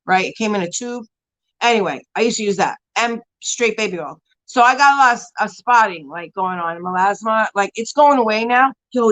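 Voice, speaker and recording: Woman, beauty live-stream host, rambling casual chat, lots of fillers, laughs often, slightly high pitch. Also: fairly bright tone, rough recording. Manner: rambling and chatty, full of "like" and restarts; laughs often while talking.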